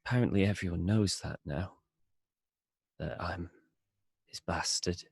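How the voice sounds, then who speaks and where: A dutiful young knight's son, grieving and close to tears, as a man plays him in a tabletop game. His voice is deep and husky, with a gravelly edge. He speaks slowly and haltingly. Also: no room sound, exaggerated voice. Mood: wounded. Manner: tearful, halting. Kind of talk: tabletop role-play in character.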